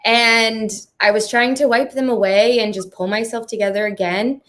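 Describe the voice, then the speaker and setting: A woman's voice: a little high, fairly even intonation, normal speed, a bit bright. A woman moderating a live panel conversation on stage. She speaks in an earnest, heartfelt way and laughs often. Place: performing arts centre stage.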